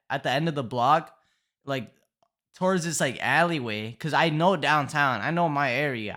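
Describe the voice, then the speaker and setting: A man's voice: on the high side, fairly bright tone. A young man telling a storytime in casual, profane slang, rambling with constant fillers.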